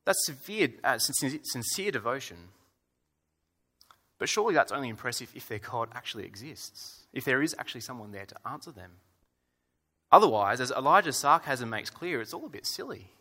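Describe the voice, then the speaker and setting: A man's voice: medium pitch, sing-song, moderate pace, bright, forceful tone. A male preacher giving a conversational, wry sermon in a church hall, full of rhetorical questions and fillers. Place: church hall with about a hundred people.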